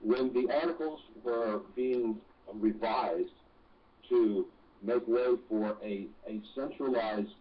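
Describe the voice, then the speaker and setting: A man who is a guest on a talk radio show, explaining slowly and deliberately with pauses. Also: mid-range voice. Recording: distant, dull phone-in sound.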